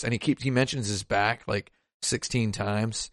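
A man's voice: lowish voice, fairly even intonation, normal speed, a bit bright, no room sound, studio quality. A man co-hosting a podcast, trading jokes and wry asides in casual conversation. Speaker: podcast co-host. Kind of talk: casual chat.

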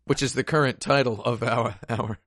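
A man's voice: medium pitch, fairly even intonation, moderate pace, fairly bright tone, no room sound, clean studio sound. A man co-hosting a podcast, trading jokes and wry asides in casual conversation. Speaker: podcast co-host. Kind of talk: casual chat.

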